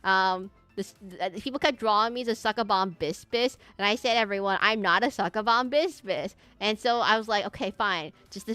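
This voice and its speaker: A woman's voice: mid-range voice, a bit bright, dry recording. A woman streamer chatting casually with her viewers while she draws, rambling and amused at herself. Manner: rambling, self-amused, talks to chat. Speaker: streamer drawing requests live. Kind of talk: casual live-stream chat while drawing.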